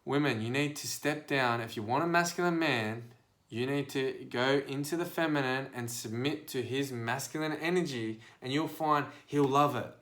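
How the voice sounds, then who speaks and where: A man hosting a podcast, speaking casually and directly to his listeners in a preachy, animated monologue of advice. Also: mid-range voice, normal speed. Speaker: podcast host and life coach.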